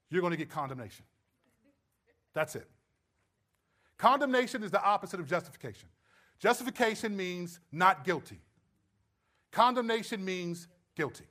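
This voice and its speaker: A man preaching a sermon, stressing points loudly and then dropping to low, quiet asides. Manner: emphatic, swings between loud stresses and low quiet asides. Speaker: pastor.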